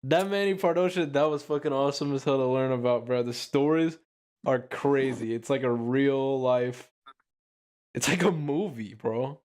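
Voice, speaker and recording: A young man hosting a casual podcast with friends. He rambles loosely, packs his sentences with fillers and swearing, and keeps a middle pitch. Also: normal speed, a little mellow. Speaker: podcast host.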